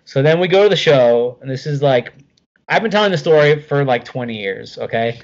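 A middle-aged man telling a casual anecdote as a guest, animated, swearing freely and filling with "like". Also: medium pitch, fairly quick, lo-fi sound.

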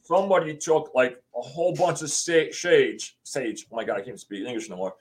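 Animated man telling a ghost story. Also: medium pitch, fairly quick. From USA. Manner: rambling, acts out quotes, swears. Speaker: guest, homeowner telling a haunting story.

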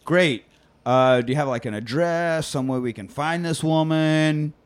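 Male podcast co-host, slightly high voice, animated profane recapper. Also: a little slow, smooth. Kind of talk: casual chat.

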